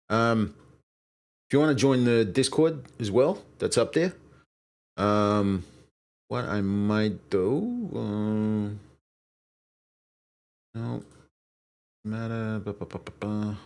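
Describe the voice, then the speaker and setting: A man hosting a casual live stream, rambling, swearing and apologizing as he loses his train of thought. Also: lowish voice. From Brooklyn, New York. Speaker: streamer host.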